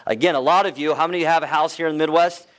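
Man, live talk, slightly high voice, chatty, questions to the crowd, filler words. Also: fairly even intonation, very fast, fairly bright tone. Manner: conversational, asks the audience questions, many fillers. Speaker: real estate investment speaker. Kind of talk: live presentation to an audience.

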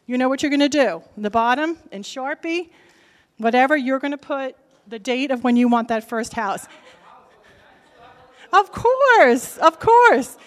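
A woman with a brassy New Jersey accent addresses a convention audience, her fairly high voice carrying through a large hall with a long echo. She talks direct and punchy, tossing "okay?" at the crowd between points like a seasoned seminar speaker. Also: normal speed. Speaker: lender speaking at a real estate convention. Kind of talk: lively seminar talk to a live audience.

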